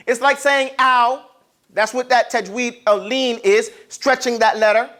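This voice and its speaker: A man teaching Arabic letter pronunciation, asking the class to repeat sounds after him and acting out each sound. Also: very high voice. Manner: demonstrates sounds, sometimes loudly.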